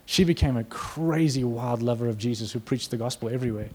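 A man preaching a sermon, telling a story with lively energy, acting out quotes and laughing now and then. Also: medium pitch, fairly quick, slightly rough.

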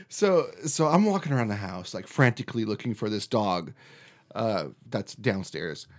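A man's voice: fairly low pitch, a little slow. A man hosting a casual chat, telling a story with lots of swearing and restarts. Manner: animated storyteller, swears freely, restarts often.

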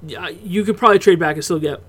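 On a laid-back sports podcast, a co-host speaks quickly in a high voice. His talk is loose and easygoing, with free swearing and frequent bursts of laughter.

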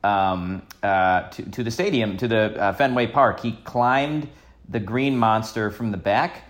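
A man's voice: fairly low pitch, measured pace. A man co-hosting a podcast, recounting a story in a laid-back way with frequent fillers. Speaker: podcast co-host. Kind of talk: casual chat.

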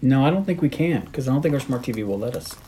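A man's voice: medium pitch, expressive, fast talker, warm tone, a little hiss or hum. A man co-hosting a casual movie podcast, laid-back with jokey asides. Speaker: podcast co-host. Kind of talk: casual chat.

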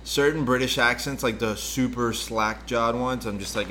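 A man's voice: mid-range voice, moderate pace, bright, forceful tone, slight background noise. A man co-hosting a podcast in casual chat, rambling through stories and swearing freely. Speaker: podcast co-host.

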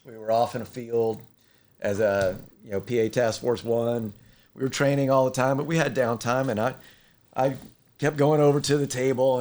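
A man in casual conversation, telling stories and acting out the voices of the people in them. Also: medium pitch. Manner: animated storyteller who acts out quoted voices. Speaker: inventor of a firefighter rescue board.

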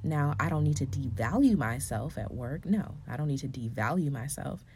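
A low-pitched woman speaks to other women like a coach giving a faith-filled pep talk. Her voice is mellow and a little husky, often dropping to a hushed, breathy tone. Then it climbs into loud, emphatic exclamations. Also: expressive, moderate pace.

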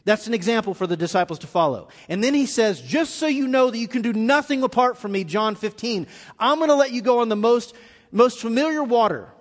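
A man's voice: extremely high pitch, lively intonation, a little fast. A man preaching a live sermon as pastor, telling a story and acting out the quoted lines with rising intensity. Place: church auditorium. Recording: live in a reverberant hall.

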